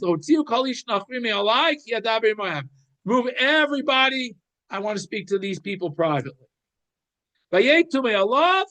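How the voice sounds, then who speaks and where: A man's voice: high-pitched, a bit bright. A man giving a weekly Torah class, reading Hebrew commentary and explaining it in English, acting out the pleading crowd in casual speech. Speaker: Torah teacher.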